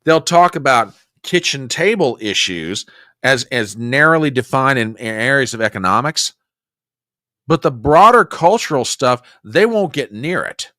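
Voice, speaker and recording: A man's voice: medium pitch, lively intonation, measured pace, pushed and bright, no echo, clean studio sound. A man hosting a political commentary livestream, reacting to clips and talking to viewers in an exasperated way. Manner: exasperated, talks back to clips and chat. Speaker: host of a political commentary show.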